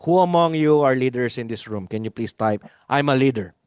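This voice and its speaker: A man's voice: mid-range voice, lively intonation, brisk, a little mellow, smooth, no echo, studio quality. Emphatic man hosting a webinar. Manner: emphatic and interactive, repeats key lines and asks viewers to type replies. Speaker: webinar host. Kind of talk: live webinar talk to an online audience. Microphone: video call.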